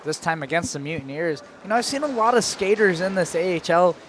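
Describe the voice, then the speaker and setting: A man's voice: high voice, lively intonation, a little fast, fairly bright tone, slight background noise. A man calling play-by-play for an amateur hockey game, chatting loosely between plays and snapping into shot calls. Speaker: play-by-play announcer.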